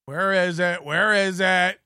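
Man, middle-aged, high voice, bright edge, sarcastic rant, profane, mocking, online show host. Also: steady tone, slow, smooth, dry recording, clean studio sound. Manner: scrolls and mutters while reading posts on screen. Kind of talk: ranting commentary.

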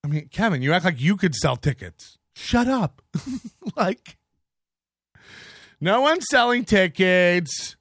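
A man's voice: high voice, big pitch swings, slow, pauses often, a bit bright, dry recording, clean studio sound. A middle-aged man hosting a podcast, ranting in a profane, mocking, rambling way. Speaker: podcast host. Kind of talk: casual rant reading chats.

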